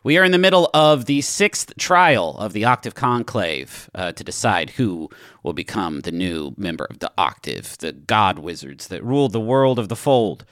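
A man's voice: on the low side, lively intonation, moderate pace, fairly bright tone, no room sound, clean studio sound. A man narrating a tabletop game podcast as game master, swearing casually.

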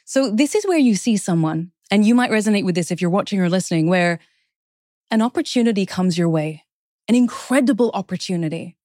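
A woman's voice: mid-range voice, animated, fairly quick, dark tone, no room sound, studio quality. A woman guest in an interview, explaining her ideas earnestly and laying them out step by step. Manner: earnest, explanatory, lists points in steps. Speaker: guest author. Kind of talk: interview conversation.

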